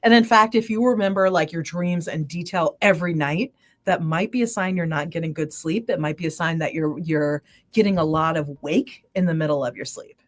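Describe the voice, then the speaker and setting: A woman scientist, a guest on a livestream, explaining sleep and dreams with lively examples. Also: low-pitched. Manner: animated, explains with quick examples. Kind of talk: livestream interview.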